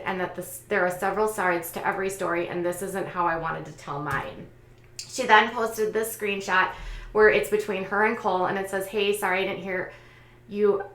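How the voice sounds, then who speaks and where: A woman host recounting online gossip and reading out posts, in a conversational way with frequent pauses and fillers. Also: medium pitch, a bit bright, echoey room. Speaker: commentary channel host.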